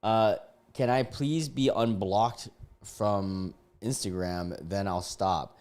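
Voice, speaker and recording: A man's voice: fairly low pitch, fairly even intonation, slow, darkish tone, clean tone. A young man streaming live, reading messages aloud and reacting in a laid-back, joking way that sometimes turns incredulous.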